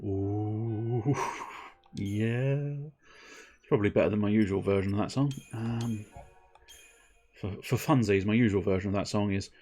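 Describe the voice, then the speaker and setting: Over soft background music, a man with a low-ish, dark voice speaks a little fast in a steady tone. He's live-streaming a game, joking at his own expense, wandering off topic, and breaking into goofy voices as he talks to viewers.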